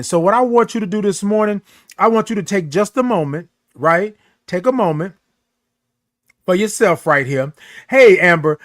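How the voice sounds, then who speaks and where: A man hosting a casual morning livestream, animated and greeting viewers by name. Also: high voice, no echo, studio quality. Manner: animated, sings out drawn-out good mornings.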